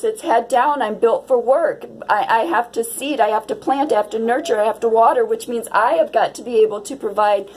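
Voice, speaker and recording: A woman's voice: a little high, darkish tone, slight background noise, low-quality recording. A woman giving a casual tarot reading to her viewers, dreamy and exclamatory. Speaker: tarot reader.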